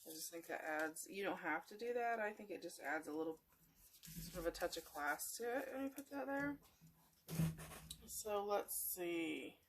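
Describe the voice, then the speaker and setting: A woman with a lowish voice and lively intonation hosts a craft tutorial at a moderate pace, chatting casually and meanderingly to viewers as she works. She sounds a little sleepy and yawns, and there is background noise.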